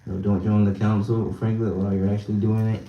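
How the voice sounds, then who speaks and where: A man's voice: fairly low pitch, little pitch movement, a little fast, reverberant, distant mic, lo-fi sound. A young man hosting a casual live stream, bantering with his chat, reading their comments aloud and laughing often. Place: indoors at home, small room.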